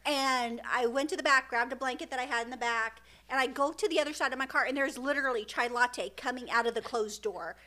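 High, bright-voiced laughing mom. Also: female voice, quick pace, hardly any pauses. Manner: laughs often while telling stories. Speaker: podcast co-host, mother. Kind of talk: casual storytelling chat.

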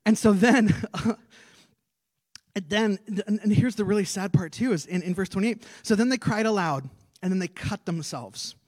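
A male pastor preaches from a church stage, telling scripture with lively gestures of voice and acting out the scenes. His voice sits high for a man. The sound is dry and close, with little room echo. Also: fairly quick. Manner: animated storytelling, acting out scripture. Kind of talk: sermon.

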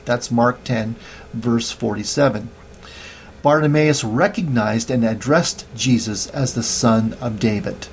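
Guy giving a sermon, steady middle voice, reads verses out, bit of faint hiss behind. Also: medium pitch. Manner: measured, reads and cites scripture verses. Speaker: preacher.

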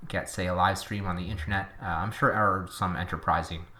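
Man, Boston accent, low voice, opinionated podcast chat. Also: fairly even intonation, fairly quick, bright, forceful tone. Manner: chatty and opinionated, trailing into tangents. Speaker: podcast co-host.

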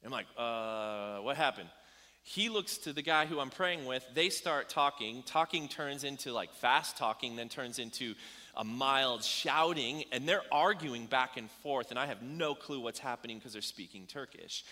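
Bright-voiced pastor in a reverberant hall. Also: male voice, mid-range voice, normal speed. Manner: conversational storytelling with fillers. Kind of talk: sermon. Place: church hall with about ninety people.

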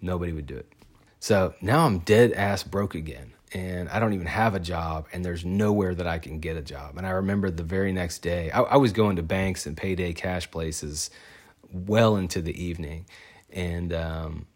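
Deep-voiced man telling a story. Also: moderate pace. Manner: casual, conversational, many fillers and restarts. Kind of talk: personal storytelling.

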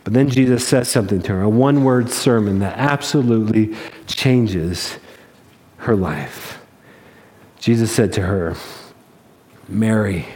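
A man's voice: fairly low pitch, a little slow, in a large hall. A man preaching a sermon in an emphatic storytelling manner. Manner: storytelling, emphatic, rises to excitement.

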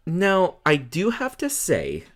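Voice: medium pitch, huge pitch swings, slow pace. A podcast co-host in casual chat, reacting animatedly and peppering talk with "like".

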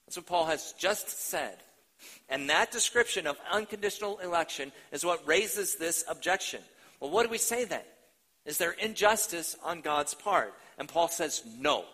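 A man's voice: a little high, expressive, normal speed, bright, forceful tone, poor audio. A male pastor preaching a sermon, emphatic and repeating key phrases for weight, addressing the congregation directly.

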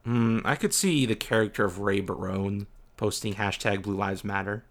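A man co-hosting a podcast who reads out listener questions in a dry, deadpan way. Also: lowish voice, moderate pace. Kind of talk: casual chat.

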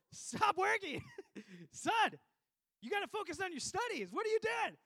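A man voicing a stern immigrant father who yells at his son in short, alarmed bursts. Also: very high-pitched, sing-song, extremely slow, pitched above the performer's own voice, full character voice.

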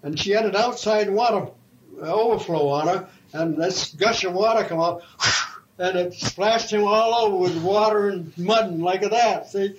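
Older man, high-pitched voice, folksy halting storyteller, muffled lo-fi tape. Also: slight background noise. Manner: slow, halting, folksy yarn-spinning. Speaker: retired railroad fireman. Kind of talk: oral history storytelling.

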